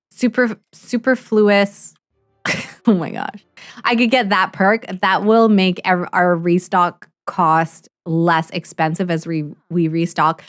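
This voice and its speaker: A woman hosting a let's play, chatting excitedly through her game with quick laughs and playful mock outrage. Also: fairly low pitch, no room sound, studio quality. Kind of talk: casual gameplay commentary.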